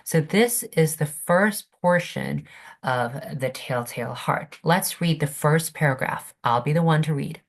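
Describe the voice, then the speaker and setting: A woman's voice: low voice, measured pace. A woman teaching a literature class online, speaking patiently and checking in with her students over a video call. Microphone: computer mic on video call.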